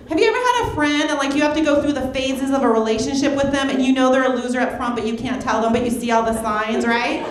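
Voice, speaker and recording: A woman comedian doing a stand-up set, fast and brassy, acting out quoted voices. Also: a little high, a crowd in the background. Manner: rapid, brassy delivery with big quoted voices. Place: comedy club stage. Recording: echoey club with audience laughter.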